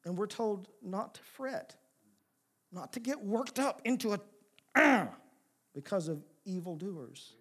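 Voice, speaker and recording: A man preaching a sermon, asking rhetorical questions and moving between emphatic and soft passages. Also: high voice, expressive, slow pace, long pauses, husky. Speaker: pastor.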